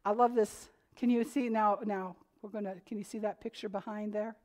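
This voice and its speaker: A woman's voice: mid-range voice, steady tone, normal speed, darkish tone. A woman preaching a sermon to her congregation, earnest and growing emphatic when she reads scripture aloud. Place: church.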